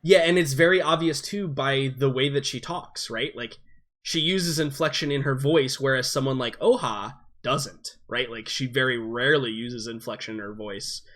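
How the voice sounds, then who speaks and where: A man's voice: mid-range voice, moderate pace, fairly bright tone. A man narrating and explaining as game master of a tabletop game, with many fillers.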